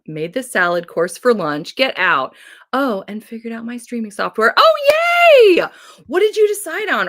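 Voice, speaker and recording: Woman, 30s, home livestream host; chatty, giggly, pitch all over the place. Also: fairly bright tone. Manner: bubbly, chatty, quick to laugh. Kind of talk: casual livestream chat.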